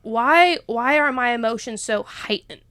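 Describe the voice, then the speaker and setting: A woman's voice: a little high, measured pace, fairly bright tone, clean tone, dry recording. A young woman, rambling and emotional as she opens up in a casual faith chat, laughing often. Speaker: podcast co-host.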